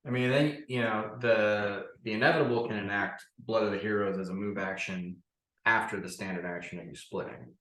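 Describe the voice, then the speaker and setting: A man running a tabletop game as game master, working through the rules aloud with plenty of fillers. His voice sits on the low side. The sound carries the echo of a roomy space. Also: fairly even intonation, brisk, fairly bright tone. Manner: explains rules at length with fillers.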